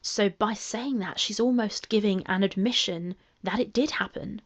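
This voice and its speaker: A woman with a calming voice giving measured commentary, reading messages aloud and asking pointed rhetorical questions. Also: medium pitch, dull audio. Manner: analytical, emphatic rhetorical questions.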